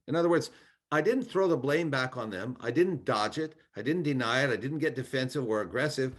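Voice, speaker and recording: A man's voice: medium pitch, lively intonation, brisk. A man, a former congressman, speaking in an online training talk, giving earnest advice with frequent restarts.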